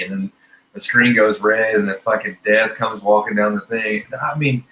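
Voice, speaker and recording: A man chatting casually about a film on a podcast, relaxed and crude, often stopping and restarting. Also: fairly low pitch, moderate pace. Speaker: podcast guest. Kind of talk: casual movie discussion. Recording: echoey room with faint hiss.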